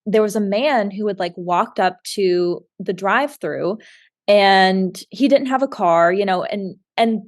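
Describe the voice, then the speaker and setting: A woman's voice: medium pitch, a little slow. A young woman from the Kentucky area, co-hosting a podcast, telling a story in casual talk with lots of "like", acting out the quotes. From Kentucky area, USA. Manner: animated, acts out quotes, frequent "like". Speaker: podcast co-host.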